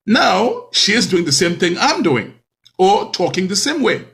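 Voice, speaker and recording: A man hosting a talk show, speaking in a lively, preacherly way with many rhetorical questions. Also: sits high, moderate pace. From Cameroon.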